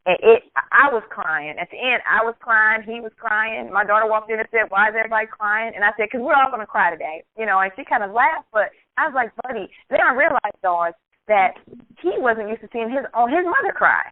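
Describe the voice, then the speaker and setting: A woman hosting a call-in radio talk show, telling a personal story in an earnest, animated way. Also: fairly high pitch, brisk, no room sound. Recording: tinny phone-line sound, dry.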